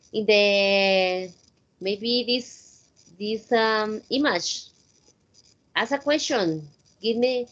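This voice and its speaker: A woman English teacher with a Spanish accent, running a class and mixing simple English with Spanish. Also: medium pitch. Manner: switches between simple English and Spanish, encouraging. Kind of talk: online class instruction. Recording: dull, lo-fi online call audio.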